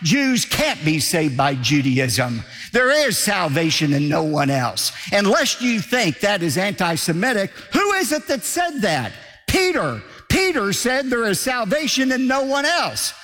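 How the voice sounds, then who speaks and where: A man's voice: sits high, very animated, unhurried, sharp tone, big-room sound, faint music behind. A man preaching a sermon as pastor, emphatic and repetitive in his delivery.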